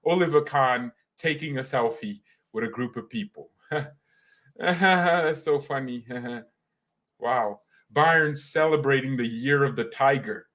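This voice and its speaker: A man hosting his own fan channel in an excited, rambling vlog, laughing often as he talks. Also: mid-range voice, slow.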